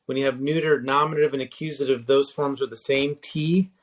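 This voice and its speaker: A man of mid pitch walks a listener through Greek grammar in a casual, unhurried lesson. He explains patiently, pausing on fillers and restarting sentences, and spells out each word form slowly. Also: level tone.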